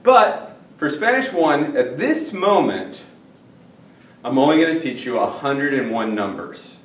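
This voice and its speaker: Man teaching spanish, playful asides, animated pitch, echoey classroom, distant mic. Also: measured pace. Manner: playful, joking asides between drills. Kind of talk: classroom lesson at a whiteboard. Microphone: far camera.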